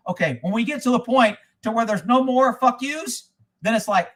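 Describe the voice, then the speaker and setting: A man's voice: high-pitched, unhurried, fairly bright tone. A man hosting a casual commentary stream, reading viewer comments and answering them in a blunt, profane, opinionated way.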